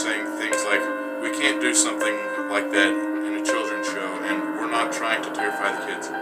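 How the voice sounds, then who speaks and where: Low, flat-voiced man narrating a creepy story. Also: far from the mic, low-quality recording. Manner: narrates in first person, with frequent restarts. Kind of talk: reading a self-written creepy story.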